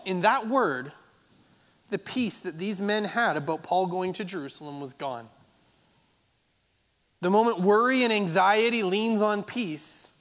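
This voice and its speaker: Man, pastor preaching, emphatic repeated phrases, long church reverb. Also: high voice. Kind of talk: sermon.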